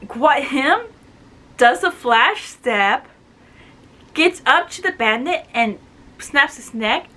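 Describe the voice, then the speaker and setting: Bright, excitable woman reviewing a book. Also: high-pitched. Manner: excitable, gushing, peppered with "like". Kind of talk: casual spoiler-filled book review.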